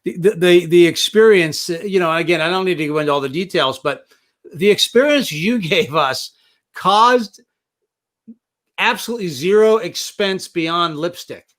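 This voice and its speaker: An older man hosting an interview, telling stories at length with lively enthusiasm. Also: sits high, moderate pace. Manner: rambling storyteller, enthusiastic. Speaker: interview host. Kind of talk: casual interview talk.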